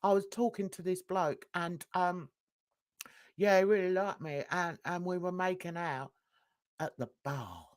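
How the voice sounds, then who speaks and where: A woman's voice: fairly low pitch, a little slow, pitched below the performer's own voice, natural voice. A woman mocking a boastful dopey man. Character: boastful deluded man bragging about clubbing.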